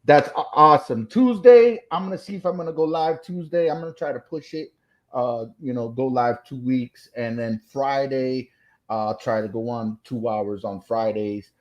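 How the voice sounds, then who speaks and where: A man's voice: mid-range voice, normal speed. Male host of a live stream, easygoing, lots of "yeah" and "mm-hmm", everyday mid-range voice. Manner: laid-back, lots of agreeing fillers.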